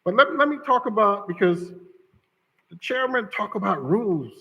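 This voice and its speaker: A man speaking as an attorney during public comment at a city council meeting, arguing forcefully and repeating his points for emphasis. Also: sits high, expressive, moderate pace, breathy edge, highs cut off. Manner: forceful, emphatic argument with repetition. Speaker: attorney for a bidder. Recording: council chamber with long reverb.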